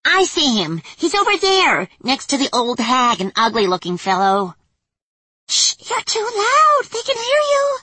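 A woman reading a story aloud and voicing a group of small, bold female fairies in a shrill, high voice. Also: huge pitch swings, measured pace, pushed and bright, dry recording, full character voice. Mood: taunting.

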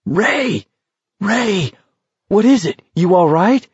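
An urgent young man, voiced by a male narrator, calling out in a raised, strained voice. He yells and hisses with worry. The sound is dull and close. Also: sits high, big pitch swings, slow pace, slightly rough, no echo, pitched above the performer's own voice, full character voice. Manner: urgent, yelling, hissing. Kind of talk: audiobook character voice. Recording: dull lo-fi recording.

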